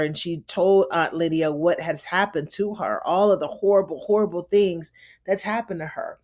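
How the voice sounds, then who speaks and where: A woman with a lowish, darkish voice hosts a casual TV recap, retelling an episode loosely and conversationally. She acts out the characters' lines and sprinkles in plenty of "you know" and "honey."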